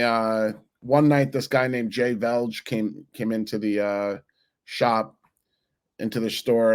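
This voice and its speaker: Guest voice: man, 40s, New Jersey-raised, lively rambling storyteller, mid pitch. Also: clear, resonant tone. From New Jersey, USA. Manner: animated, rambling, many restarts. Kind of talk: casual interview storytelling.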